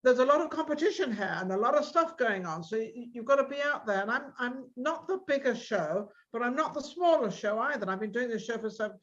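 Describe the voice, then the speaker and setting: Energetic woman hosting an interview. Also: a little high, fairly quick, few pauses, lo-fi sound. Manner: energetic, talks in restarts and asides. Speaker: host of an internet TV interview show. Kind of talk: casual interview chat.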